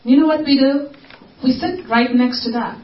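A woman's voice: high-pitched, normal speed. A woman preaching a sermon, repeating phrases for emphasis and acting out desperate cries. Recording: echoey, distant, dull lo-fi recording.

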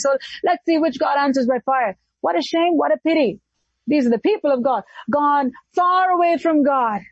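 A woman preaching a sermon, her voice swinging from high exclamations to low hushed emphasis. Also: breathy edge, no room sound, muffled recording.

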